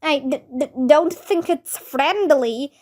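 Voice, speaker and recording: Frightened storybook children, shrill and stammering, put on by a woman narrator. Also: slow pace. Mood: excited. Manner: squealing, stammering, shouting. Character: excited, scared young schoolchildren.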